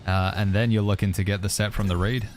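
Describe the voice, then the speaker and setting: A man's voice: fairly low pitch, steady tone, quick pace. A man streaming a game, chatting casually and answering viewer questions as he plays. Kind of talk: casual gaming commentary. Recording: faint music behind.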